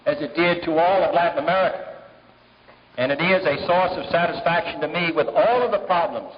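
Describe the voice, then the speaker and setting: Man giving a formal speech in a reverberant hall. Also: a little high. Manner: measured, with frequent "uh" pauses between phrases. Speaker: speaker at a political fundraiser. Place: large banquet hall. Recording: dull 1960s archive recording, long hall reverb, faint hiss.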